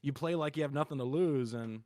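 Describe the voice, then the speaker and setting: A man's voice: a little high, brisk, a little mellow, dry recording. A man giving a casual post-game interview over voice chat, rambling and upbeat with lots of fillers.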